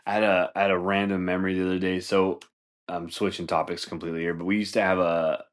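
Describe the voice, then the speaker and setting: Low-voiced, rambling, profane podcast guy. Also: flat delivery, fast. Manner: loose, profane, laughing, says dude a lot. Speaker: podcast host. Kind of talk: rambling comedic storytelling.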